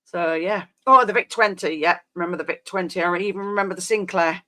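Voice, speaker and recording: This live streamer, a woman in her fifties, rambles and reminisces easily with her viewers in casual chat, often leaving thoughts unfinished. She speaks a little fast, her lowish voice pushed and bright.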